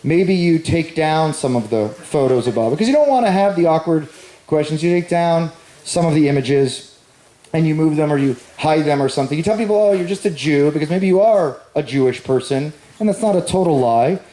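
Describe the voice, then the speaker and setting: A man's voice: fairly high pitch, animated, brisk, warm tone. A man doing a stand-up comedy set, telling a rambling self-deprecating story and bantering with the audience. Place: large echoey venue with live audience. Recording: roomy live stage recording.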